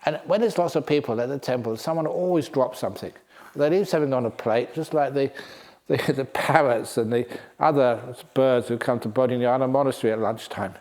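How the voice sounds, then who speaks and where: A man's voice: mid-range voice, brisk, darkish tone. A man, a Buddhist monk teacher, giving a humorous Dharma talk in a playful storytelling manner. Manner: playful, storytelling, chuckling often.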